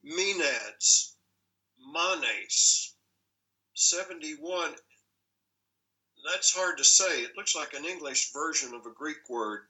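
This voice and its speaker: A man reading through a list of names and talking through how each should sound, deliberate and musing, correcting himself as he goes. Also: a little high, lively intonation, pushed and bright, low-quality recording. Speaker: teacher reading a pronunciation list. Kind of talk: slow pronunciation walkthrough.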